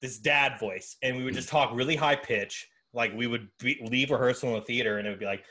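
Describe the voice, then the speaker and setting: A man's voice: medium pitch, brisk, few pauses, sharp tone. Easygoing male podcast host. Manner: friendly, easygoing storytelling. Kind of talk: casual chat.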